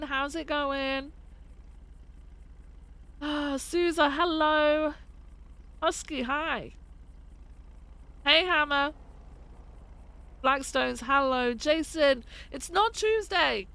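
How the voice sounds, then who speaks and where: A woman's voice: high voice, drawn-out words, pauses often, sharp tone. A woman streaming a police role-play game, chatting loosely and swearing freely as she greets her viewers by name. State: feels she is losing her voice. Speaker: streamer playing a police lieutenant. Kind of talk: casual live-stream chat and role-play.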